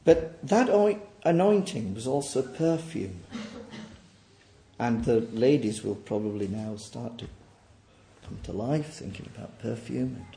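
A man preaching a sermon in a church, dropping to quiet low asides and rising to loud, high, near-shouted peaks. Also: a little slow, vocal fry, pauses often, roomy sound, slight background noise.

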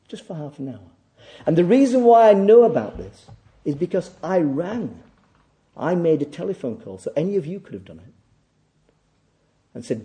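A man preaching a sermon, emphatic and repetitive, swinging between loud declaiming and quiet asides. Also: a little high, very animated, moderate pace. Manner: emphatic, repeats phrases for stress. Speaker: pastor.

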